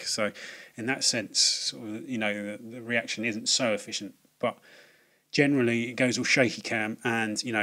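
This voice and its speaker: A man's voice: fairly low pitch, bright, forceful tone. A man giving a casual, rambling film review, full of fillers, restarts and swearing.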